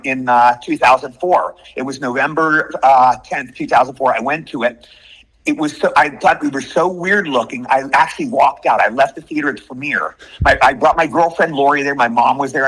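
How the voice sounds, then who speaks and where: Man in his 60s, actor guest, quick husky delivery, retells stories with repeats. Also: medium pitch, low-quality recording. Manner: animated, repetitive storytelling. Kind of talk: storytelling in an interview.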